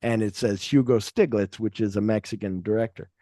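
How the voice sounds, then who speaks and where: A man's voice: fairly low pitch, fairly even intonation, brisk, warm tone, dry recording, studio quality. A man hosting a podcast, rambling through casual film talk, acting out quotes and swearing freely. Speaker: podcast host.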